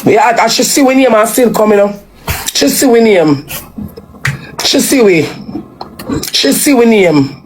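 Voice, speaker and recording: Jamaican woman talking super frank, no filter, mid pitch, bit of background hiss. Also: expressive, a little slow, pauses often. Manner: blunt and unfiltered, drifting into Patois. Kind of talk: frank casual chat on a live stream.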